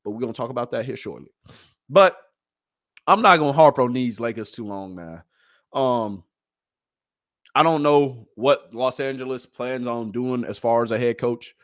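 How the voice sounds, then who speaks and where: Male solo sports-talk host, mid-pitched, animated and slangy, dry close mic. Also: normal speed, pauses often, no room sound. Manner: animated, hyped, talks straight to the audience with slang.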